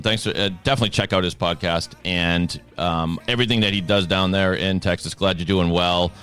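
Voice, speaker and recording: A man's voice: deep voice, a little fast, hardly any pauses, clean tone. A man from Boston hosting a podcast, chatting casually and cracking jokes. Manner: jokey and animated, laughs often. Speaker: podcast host. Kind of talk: casual interview chat.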